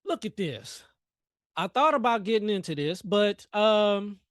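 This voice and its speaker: A man's voice: high-pitched, animated, unhurried, no echo, clean studio sound. A man hosting a trading livestream, joking and talking back to the chart in casual live commentary. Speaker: livestream host and futures trader.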